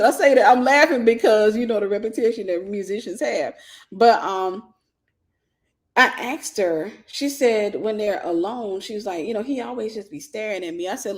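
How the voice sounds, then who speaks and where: Woman, host, casual advice chat, lively storytelling, voices the people she quotes. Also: fairly high pitch. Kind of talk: casual spoken advice to viewers.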